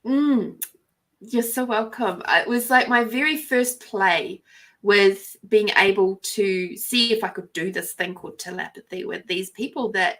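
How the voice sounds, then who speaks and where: Woman, Australian accent, podcast host, casual storytelling, soft and reflective, mid-pitched voice. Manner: soft-spoken, reflective, drops to near whispers.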